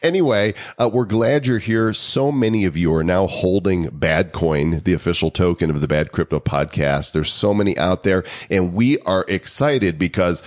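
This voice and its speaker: A man's voice: deep voice, moderate pace, hardly any pauses, darkish tone. A man co-hosting a podcast, opening with hype and joking banter. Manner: playful, hype-style announcer delivery. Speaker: podcast co-host.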